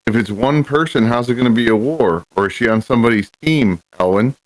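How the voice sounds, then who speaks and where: A man's voice: medium pitch, brisk, no echo, low-quality recording. Dry-sounding man, suspicious tabletop player.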